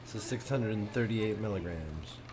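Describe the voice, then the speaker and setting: A man's voice: on the low side, normal speed, noisy background. Joking casual podcast co-host, a man. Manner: joking, casual, swears freely. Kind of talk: casual stoned chat while watching a show.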